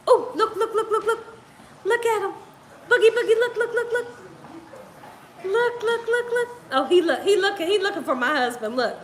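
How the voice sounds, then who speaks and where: A woman's voice: very high-pitched, expressive, unhurried, slight background noise. A woman hosting a casual live stream, laughing and teasing as she reads out viewer comments, speaking. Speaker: cooking channel host.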